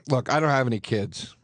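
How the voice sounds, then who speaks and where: A man's voice: mid-range voice, dry recording. A man talking as a guest on a radio show, rambling with restarts and casual swearing, at a studio microphone. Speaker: guest comedian.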